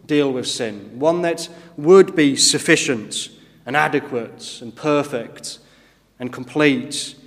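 A man preaching a sermon to a congregation, asking the listeners rhetorical questions and often adding tag questions. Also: fairly high pitch. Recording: long hall reverb.

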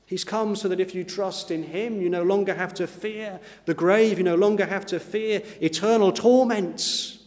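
A man preaching a sermon in an earnest style, slowing down whenever he quotes scripture. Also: high-pitched, darkish tone, long reverb tail. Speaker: pastor. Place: church.

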